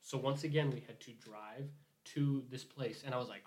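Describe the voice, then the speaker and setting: A man's voice: mid-range voice, steady tone, moderate pace, a little mellow, a little hiss or hum. A young man in casual conversation, telling a work story in a rambling way. He swears freely and acts out what everyone said. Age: young adult. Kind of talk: casual chat.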